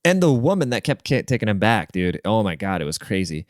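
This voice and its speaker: A man's voice: on the low side, very animated, fairly quick, no echo, studio quality. A man hosting his own podcast, rambling through a crude, profane solo rant with jokey asides. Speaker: podcast host.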